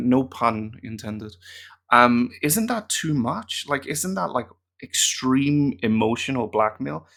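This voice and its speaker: Gravelly man muttering through German drills. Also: mid-range voice, fairly bright tone. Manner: chatty and self-mocking, muttering answers aloud. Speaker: German language teacher and YouTuber. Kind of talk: casual thinking-aloud commentary on a language app.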